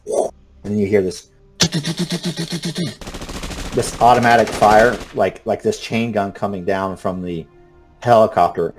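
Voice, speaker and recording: A man's voice: deep voice, darkish tone. A man running a tabletop game as game master, narrating in a loose, rambling way with many fillers.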